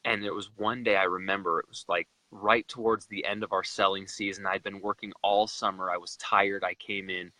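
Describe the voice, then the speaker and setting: A man's voice: low voice, flat delivery, a little fast, hardly any pauses, bright, forceful tone, dry recording, poor audio. A young man from Utah, a guest in a live chat, retelling a personal story with emotion and animation.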